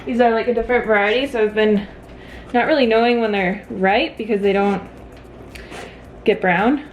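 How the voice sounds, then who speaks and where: A woman's voice: fairly high pitch, steady tone, moderate pace, highs cut off. A woman chatting casually in a vlog at home, upbeat and peppered with "like". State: a little out of breath. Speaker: vlogger. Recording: noisy background.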